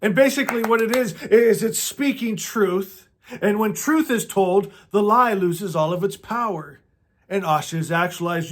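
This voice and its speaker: Spiritual teacher, male, higher-voiced, unhurried; leads prayer in a soft, repetitive, meditative way. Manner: slow, meditative, often repeats words and trails off softly.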